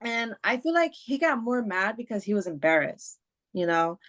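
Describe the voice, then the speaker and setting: A woman's voice: medium pitch, sing-song, normal speed, fairly bright tone. A woman, a podcast guest, telling a personal story in casual chat, swearing freely and filling her talk with "like" and "you know". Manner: emotional retelling, swears freely, many fillers.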